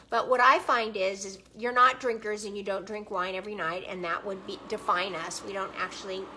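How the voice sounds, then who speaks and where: A woman's voice: mid-range voice, bright, forceful tone, a little hiss or hum, poor audio. A middle-aged woman streaming a cooking demo live from her home kitchen, chatting with her viewers as she works.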